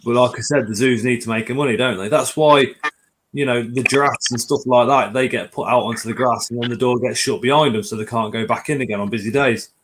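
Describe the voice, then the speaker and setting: A man's voice: medium pitch, fairly even intonation, a little fast. Scottish man, podcast host, casual chat, swears a lot, faint background noise. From Scotland. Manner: sweary, jokey. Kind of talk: casual late-night chat.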